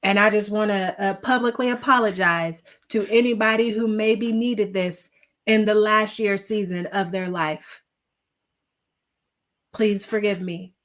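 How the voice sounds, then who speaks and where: A woman's voice: medium pitch, fairly even intonation, moderate pace, fairly bright tone. Woman devotional host, earnest and teary, addressing a live audience. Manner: earnest, emotional, reads viewer comments aloud. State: tearful. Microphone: livestream.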